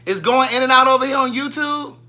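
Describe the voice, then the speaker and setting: Reading viewer comments out loud, a Southern-accented man hosts a relaxed livestream full of animated gossip. His voice is very high, and he talks at a normal speed.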